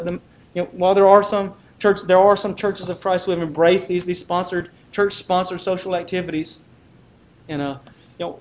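A man preaching a sermon in an earnest, measured way, often restarting his words and putting questions to the congregation. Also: high-pitched, lo-fi sound.

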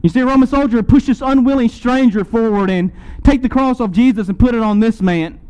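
A man preaching a sermon, retelling a scene dramatically to his listeners and swinging between loud and soft. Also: very high-pitched, brisk, clean tone, highs cut off.

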